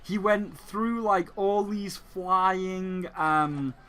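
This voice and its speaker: A man's voice: sits high, drawn-out words, a bit bright, smooth, voice pushed up, exaggerated voice. A man voicing a video game as a sneering figure that taunts and insults the player. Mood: mocking. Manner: jeering, insulting.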